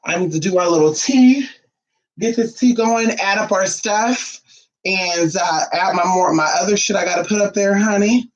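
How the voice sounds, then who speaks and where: A man vlogging casually from home, sassy and profane, cooing baby talk at his dog, his voice a little hoarse. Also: high voice, normal speed, highs cut off. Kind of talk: casual chat to camera.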